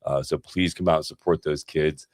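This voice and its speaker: Deep-voiced earnest man hosting a podcast. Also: fairly even intonation, normal speed, darkish tone, dry recording, studio quality. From New Jersey. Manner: laughing, earnest and heartfelt. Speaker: co-host. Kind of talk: casual podcast chat.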